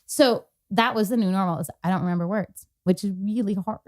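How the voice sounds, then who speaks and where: A woman's voice: medium pitch, a little fast, a little mellow. A woman co-hosting a podcast, telling a personal story in casual chat and retelling past conversations with lots of fillers. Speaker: podcast co-host.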